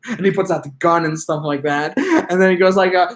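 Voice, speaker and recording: A man's voice: a little high, fairly even intonation, fairly quick, hardly any pauses. A man hosting his own live stream, chatting casually and rambling, with many fillers and restarts. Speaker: channel host.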